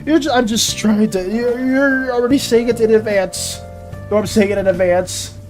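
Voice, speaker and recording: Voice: medium pitch, steady tone, normal speed, darkish tone, faint music behind. A streamer chatting casually during a drawing stream, often stammering and repeating words, flustered and defensive. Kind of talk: casual live-stream chat while drawing.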